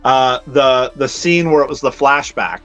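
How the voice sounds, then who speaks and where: A man's voice: medium pitch, unhurried, fairly bright tone. A man co-hosting a casual movie review podcast, speaking hesitantly and rambling through restarts. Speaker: podcast co-host. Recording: slightly dull lo-fi audio with faint music.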